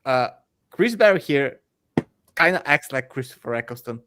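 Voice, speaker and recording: A man co-hosting a casual review podcast, talking in halting bursts with restarts and lots of "like". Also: mid-range voice, lively intonation, sharp tone, clean tone. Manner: halting, restarts words, heavy use of "like". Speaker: podcast co-host.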